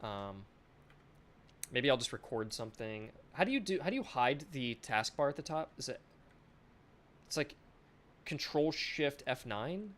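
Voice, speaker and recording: A man of middle pitch talking his way through editing work on a live stream. He is chatty and loose, pokes fun at himself and swears in passing, close to his desk microphone. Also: very animated, measured pace, long pauses, a bit bright. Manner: chatty, self-mocking, swears offhandedly. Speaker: game developer. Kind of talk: casual live-stream commentary.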